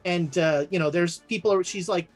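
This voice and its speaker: A woman running a tabletop horror game as game master, laughing often and voicing townsfolk with big pitch jumps. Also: normal speed, faint music behind.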